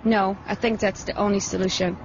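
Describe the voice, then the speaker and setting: Woman answering straight out in a street interview, dull muffled sound, loud traffic behind. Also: mid-range voice, little pitch movement, fairly quick.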